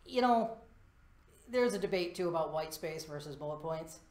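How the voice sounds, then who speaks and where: A man's voice: a little high, normal speed. Man presenting in an echoey room. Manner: lively, self-deprecating and joking, walks around the stage while talking. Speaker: conference presenter. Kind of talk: live conference talk. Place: presentation room before a live audience.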